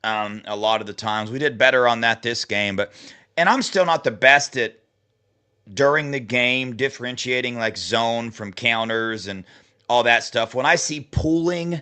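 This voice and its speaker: Man, podcast co-host, bright forceful voice, rambling sports chat. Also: mid-range voice, normal speed, clean tone. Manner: rambling, restarts and fillers, excitable.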